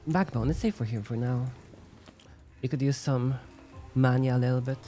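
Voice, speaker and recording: A man's voice: mid-range voice, moderate pace, mellow, faint music behind. A man giving casual gameplay commentary, thinking aloud and musing with lots of "like" fillers. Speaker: let's-play gamer.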